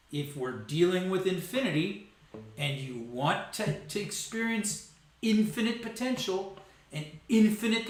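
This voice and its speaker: A man's voice: high-pitched, fairly bright tone, very echoey, low-quality recording. A man hosting a live stream, rambling through a loose, joking monologue and laughing at his own jokes.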